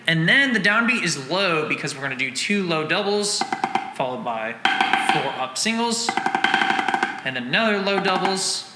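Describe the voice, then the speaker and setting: Man, drum teacher, counts and scats rhythms aloud, long reverb, loud drum music behind. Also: fairly high pitch, normal speed. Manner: relaxed explaining with fillers. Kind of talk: drum lesson breakdown. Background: drum line music.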